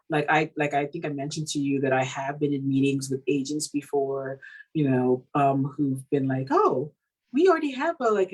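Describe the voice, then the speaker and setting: A woman from Cameroon, an author being interviewed, talking in a casual, animated way with many fillers and laughs. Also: low-pitched, low-quality recording. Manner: animated, laughing, full of fillers like "you know". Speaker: author guest.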